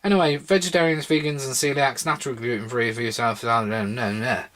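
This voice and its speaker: A young man with a slightly sore throat and a few drinks in him talks through a drink review at his own pace. His voice sits at an ordinary middle pitch, and he wanders off into wry, chatty asides. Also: steady tone, brisk, music in the background. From Britain. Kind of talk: casual solo review vlog.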